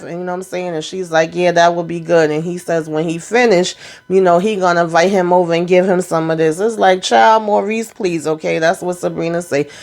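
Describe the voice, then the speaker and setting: A woman's voice: lowish voice, a little mellow. A woman hosting a casual TV episode recap, retelling scenes by quoting the characters in a chatty, colloquial way with amused asides. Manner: frequent asides and exclamations, amused commentary. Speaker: TV recap host.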